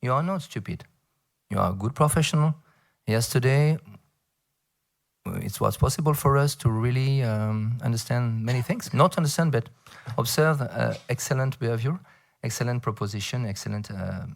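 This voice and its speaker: A middle-aged man from France with a French accent, speaking English as a second language and giving a conference talk, halting, with many fillers and playful asides. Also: medium pitch, creaky. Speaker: federation director addressing a round table. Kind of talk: conference speech.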